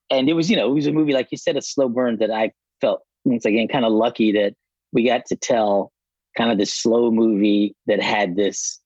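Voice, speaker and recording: A man who directs films, guesting on a podcast and telling stories in a relaxed, reflective way. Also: medium pitch, no room sound, muffled recording. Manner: relaxed, reflective, many fillers. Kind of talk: casual interview chat.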